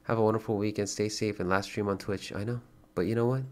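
A man chatting casually as a livestreamer, thanking viewers and donors, swearing freely and getting excited in bursts. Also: on the low side, fast.

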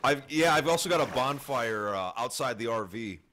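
Easygoing man with a lively voice. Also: medium pitch, moderate pace, a little hiss or hum. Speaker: fellow player. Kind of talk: casual gameplay chat.

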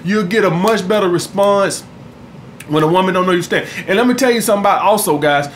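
A man's voice: high voice, fast talker, a little hiss or hum. A man giving dating advice in a casual monologue, blunt and profane, who keeps checking in with "all right?". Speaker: dating coach.

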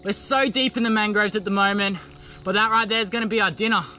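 Young Australian man, high bright voice, energetic adventure vlogger, recorded outdoors on a camera mic, faint music underneath. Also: fast. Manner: energetic, excitable, says mate often. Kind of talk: outdoor vlog narration. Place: outdoors in muddy mangroves.

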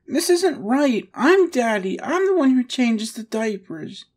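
A woman's voice: high-pitched, lively intonation, takes it slowly, long pauses, darkish tone, slightly rough. Pouty, whiny woman in audio role-play.

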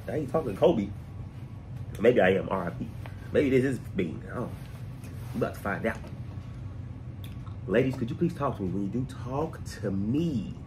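A man's voice: fairly low pitch, background noise. A man hosting a music reaction channel, joking and talking straight to his viewers in a casual, playful way.

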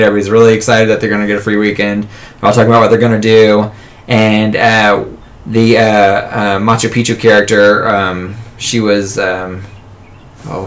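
A man co-hosting a casual comic book podcast, rambling through a plot recap with lots of fillers and laughter. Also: on the low side. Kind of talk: casual chat.

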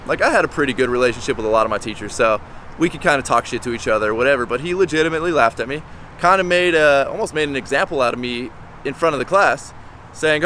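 A man's voice: mid-range voice, expressive, quick pace, sharp tone, slight background noise. A man in his twenties, a contractor, talking candidly and bluntly in a casual vlog, swearing now and then. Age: 20s.

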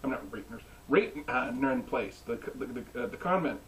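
Animated young man recapping with jokes. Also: mid-range voice, moderate pace, far from the mic, slight background noise, low-quality recording. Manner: animated, joking, mimics characters. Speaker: anime reviewer. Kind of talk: comedic recap.

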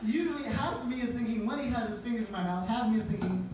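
A man's voice: extremely high pitch, racing. A young man doing a stand-up comedy set, with a hesitant, awkward delivery full of restarts. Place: comedy venue. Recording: echoey venue from far off, noisy.

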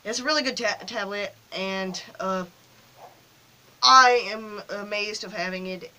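A woman casually commenting on a mobile game she plays, excitable and loudly cheering on her character, recorded on a phone. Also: medium pitch, unhurried, poor audio.

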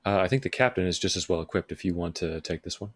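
A man playing a tabletop game, talking in a quick, matter-of-fact way. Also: sits low. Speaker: player.

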